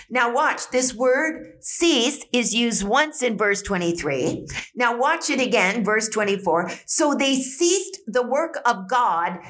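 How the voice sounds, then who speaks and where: A woman's voice: a little high, fairly bright tone. A middle-aged woman preacher delivering a sermon in an emphatic, repetitive preaching cadence.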